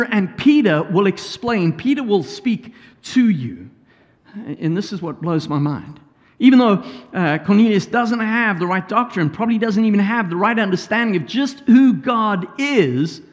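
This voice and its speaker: A man, a pastor, preaching a sermon and retelling a story with asides and paraphrased quotes. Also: high voice. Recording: hall reverb.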